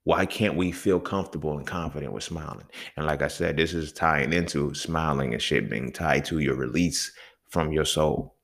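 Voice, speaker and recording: A young man's bass voice, with vocal fry, a slightly bright tone, and a little roughness, carries his casual solo podcast. He talks in a heated, profane, conversational way and keeps asking "you feel me."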